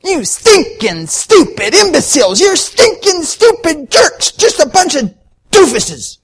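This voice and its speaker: A furious grown man, a coworker, yelling clean insults in a shrill voice pushed far above a normal speaking pitch, as a preacher acts him out. He sputters and drags out every word. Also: huge pitch swings, measured pace, exaggerated voice.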